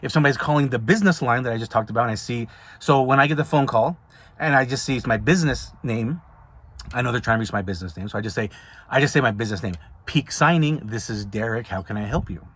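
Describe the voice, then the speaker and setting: Guy hosting a podcast, middle pitch, laid-back advice talk, keeps restarting sentences. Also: racing, fairly bright tone, breathy edge. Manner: conversational, repeats and restarts often. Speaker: podcast host, signing service owner.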